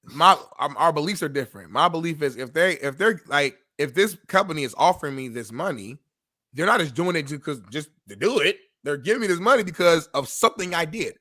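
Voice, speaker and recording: A man co-hosting a talk show who joins the debate in a relaxed, joking, plainspoken way. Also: fairly high pitch, fairly quick. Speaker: show co-host.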